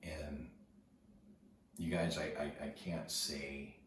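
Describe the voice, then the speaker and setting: A man telling a personal story to his viewers in an earnest, casual way, often dropping to a hushed near-whisper and repeating words as he goes. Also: a bass voice, little pitch movement, slow pace. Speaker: video host. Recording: very echoey, distant from the mic, noisy ambience.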